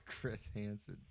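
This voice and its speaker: A man co-hosting a podcast, chiming in with short joking remarks in casual chat. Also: darkish tone. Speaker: podcast co-host.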